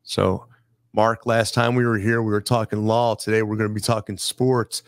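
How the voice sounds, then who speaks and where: A man hosting a casual studio chat, brisk and jokey as he runs through a list of items. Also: on the low side, little pitch movement, dry recording. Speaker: host. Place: studio filled with sports memorabilia.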